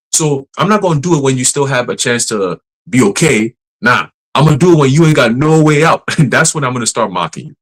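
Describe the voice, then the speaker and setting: A man at a middle pitch preaches on a livestream in a loose, street-talk way. He is blunt and profane and laughs often. He slows right down whenever he reads a scripture verse aloud. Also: lively intonation, a bit bright, poor audio.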